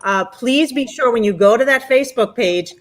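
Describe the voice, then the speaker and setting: A woman moderating a live online panel, thanking a speaker and giving announcements with a few halting restarts. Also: on the high side.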